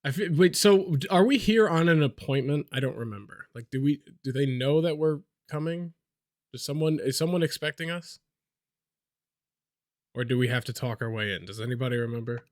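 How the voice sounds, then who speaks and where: A man's voice: mid-range voice, brisk, no room sound. A man playing a tabletop game on a voice call chats casually. He stammers and thinks aloud as he works out his plans. The sound is close and dry, with no room around it. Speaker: player.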